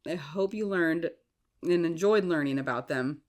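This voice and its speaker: A woman's voice: deep voice, normal speed, a little mellow. A woman hosting a casual solo podcast while sick with a cough and sore throat, chatty and stumbling over her words. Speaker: podcast host.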